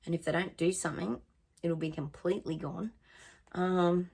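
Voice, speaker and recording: A woman's voice: on the low side, steady tone, normal speed, creaky, a little mellow, breathy edge. A woman psychic chatting casually to her viewers, singing bits of songs and trailing off as she muses. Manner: chatty, sings song snippets, trails off. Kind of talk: casual psychic reading monologue.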